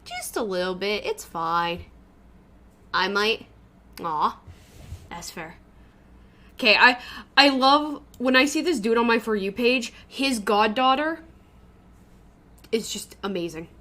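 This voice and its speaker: A woman's voice: a little high, animated, takes it slowly, pauses often, bright, forceful tone. A woman streamer chatting casually to her live audience, loose and sweary, often laughing.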